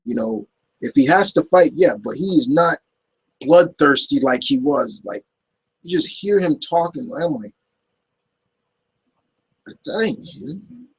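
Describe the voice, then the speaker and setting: A man's voice: fairly high pitch, lively intonation, measured pace, husky, poor audio. A man hosting a casual Q&A video, answering viewer questions in a rambling way with many fillers and restarts. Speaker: YouTube Q&A host. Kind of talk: casual Q&A chat.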